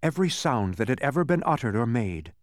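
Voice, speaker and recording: A man narrating a storybook in an expressive, sing-song reading. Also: medium pitch, fairly quick, dry recording, clean studio sound.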